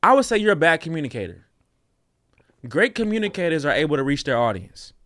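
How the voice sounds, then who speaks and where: A man co-hosting a casual reaction show, speaking in an animated, opinionated way. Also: fairly high pitch, quick pace, no echo, studio quality. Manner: animated, opinionated, slips into mocking voices. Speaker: co-host.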